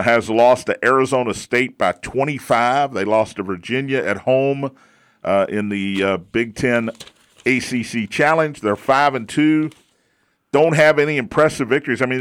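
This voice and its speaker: Dry-miked American sports radio host. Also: male voice, mid-range voice, fairly bright tone, dry recording. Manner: wry, rattles off scores and records. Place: radio studio. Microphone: studio mic.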